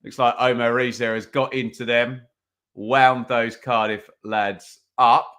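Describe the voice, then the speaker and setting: A man runs a live football watch-along from home, speaking into a desk mic with a bright, forward voice in a middle pitch and a clean tone. He's unhurried and keeps his pitch fairly flat as he chats, reads out viewer comments and drifts into casual play-by-play.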